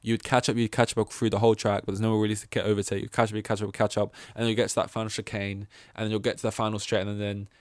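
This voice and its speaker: Low smooth-voiced male podcast host. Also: level tone, rapid-fire, few pauses, no echo, clean studio sound. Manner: rambling, thinking aloud with hesitant restarts. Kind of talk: casual chat.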